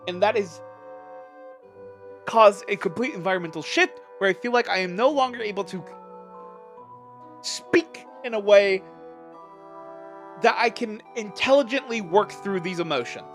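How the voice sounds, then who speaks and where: A streamer venting to a livestream chat, impassioned and exasperated, trying to stay measured while upset. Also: mid-range voice, animated, faint music behind.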